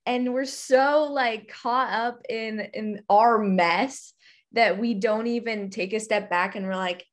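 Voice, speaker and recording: A woman's voice: on the high side, steady tone, slow pace. A young woman who is pregnant, co-hosting a casual faith conversation, reflective, with frequent small laughs and fillers. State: pregnant, expecting first child.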